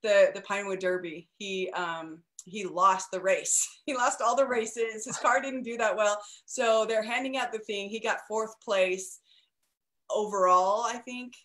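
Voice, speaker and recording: A woman's voice: medium pitch, steady tone, measured pace, fairly bright tone. A woman hosting a parenting podcast, talking casually, laughing often and restarting her sentences. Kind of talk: casual conversation.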